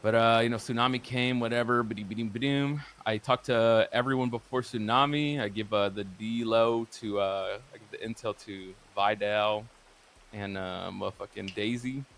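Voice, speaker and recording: A man's voice: on the low side, steady tone, normal speed, fairly bright tone. A man casually recounting events from a roleplay game, profane and rambling with lots of filler words. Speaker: roleplay streamer. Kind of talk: casual storytelling.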